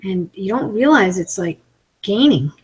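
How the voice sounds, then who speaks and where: A comedian and mukbang vlogger in her forties eats during a live video, chatting away, complaining, and mocking herself. Her mid-range voice has lively intonation, a measured pace, a slightly mellow quality, and a breathy edge, though the audio is poor.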